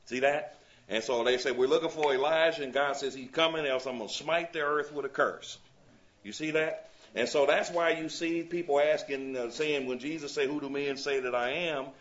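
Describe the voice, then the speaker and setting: A man's voice: a little high, moderate pace, fairly bright tone, lo-fi sound. A man leading a Bible study class. He reads scripture aloud and often checks in with his listeners, asking "you see?".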